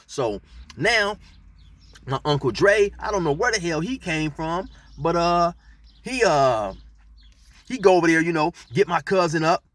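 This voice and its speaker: A man's voice: fairly high pitch, fairly bright tone. A middle-aged man telling a street story in laid-back slang, rambling with fillers as he goes. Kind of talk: casual storytelling.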